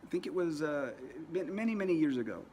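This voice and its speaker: A man's voice: fairly high pitch, expressive, fast talker, warm tone, a little hiss or hum. A man teaching a lesson in a casual, conversational way, often repeating words as he tells a story. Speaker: religious teacher.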